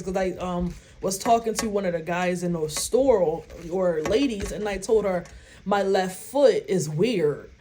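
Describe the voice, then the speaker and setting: Woman vlogger talking straight to viewers, animated and blunt, swears freely, acts out her reactions. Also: medium pitch, a little hiss or hum. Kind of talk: casual storytelling to viewers.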